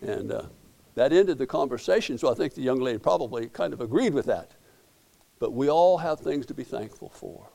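A man's voice: medium pitch, expressive, a little fast, creaky, dark tone. A middle-aged man, preaching a sermon as pastor in a folksy storytelling way, often repeating and restarting words.

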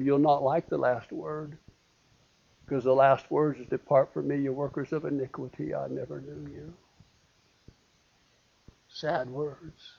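A man preaching a sermon, swinging from loud emphatic lines to hushed quotations, with repeated cadences. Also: fairly high pitch. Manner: repetitive cadence. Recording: dull lo-fi recording.

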